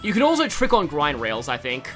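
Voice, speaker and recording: Australian streamer with a lively, bright voice. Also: mid-range voice, brisk, soft background music. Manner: rambling, with many fillers and restarts. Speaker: gaming streamer. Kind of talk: casual let's-play commentary.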